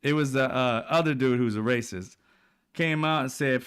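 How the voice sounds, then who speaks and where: This male host tears through politics in a profane, mocking rant, breaking into frequent laughter and high-voiced impressions of people. His voice is smooth, a bit bright, and moves at normal speed.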